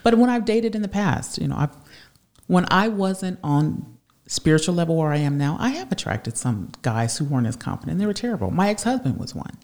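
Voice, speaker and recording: Woman guest, sure of herself, frank, pitch moving a lot. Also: sing-song, brisk, a little mellow. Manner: confident, frank. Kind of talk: casual chat.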